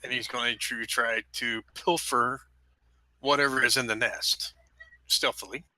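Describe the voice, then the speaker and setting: A man with a very bright, sharp-edged voice plays a tabletop game, calmly laying out his character's actions. He talks in a casual, drawling way. The sound is dry and close. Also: mid-range voice, unhurried, dry recording. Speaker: player.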